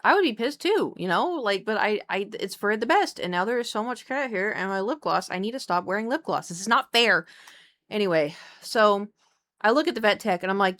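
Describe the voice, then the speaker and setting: A young woman streaming from home at her desk mic, telling a long story in a chatty, animated way and breaking off to talk to her cat. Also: mid-range voice, fairly quick. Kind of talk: casual storytelling to live chat. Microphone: desk microphone.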